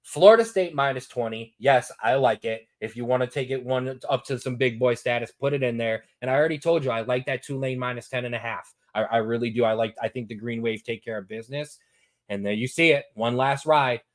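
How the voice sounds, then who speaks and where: A man hosting a sports talk show, giving his betting picks in a lively, repetitive, hyped-up way. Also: mid-range voice, fairly quick. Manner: animated, repetitive, hypes picks.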